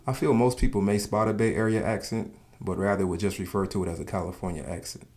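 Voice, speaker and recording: A man from the States, giving calm, measured scripted narration for a countdown video. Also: lowish voice. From Southern United States.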